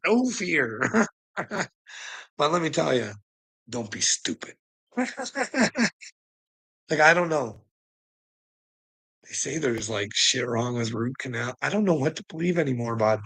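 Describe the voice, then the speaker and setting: A man's voice: medium pitch, big pitch swings, slow, long pauses, bright, forceful tone, husky, low-quality recording. A man ranting in a rambling monologue, mocking and profane, laughing often between lines. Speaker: vlogger.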